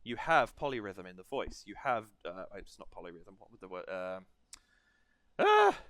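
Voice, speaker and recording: With a low, brisk, pushed and bright voice and no echo, a man hosts a reaction video. He wanders through an analysis of a song's rhythm, counting out and humming the beats.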